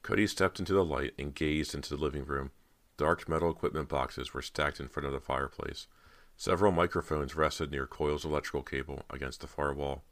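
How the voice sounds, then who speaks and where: A man narrating a horror audiobook in a steady storytelling manner. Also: rumbling low, fairly quick, dry recording.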